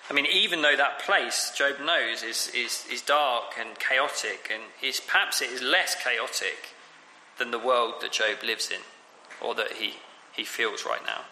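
A man's voice: mid-range voice, creaky, pushed and bright, a little hiss or hum. A man preaching a conversational sermon on scripture, with frequent fillers and restarts. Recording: echoey hall with long reverb.

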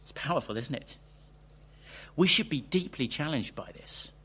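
A man's voice: medium pitch, sing-song, moderate pace, bright, forceful tone, breathy edge. A man preaching a sermon, earnest and questioning, reading a quoted interview aloud to his congregation.

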